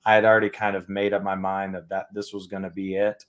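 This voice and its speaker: A young man from Alabama chats as a podcast guest over a remote call. His voice sits somewhat low, and he talks in an easygoing way, thinking aloud with plenty of ums. He speaks casually and unhurriedly. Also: monotone, quick pace, a bit bright. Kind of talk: casual interview chat.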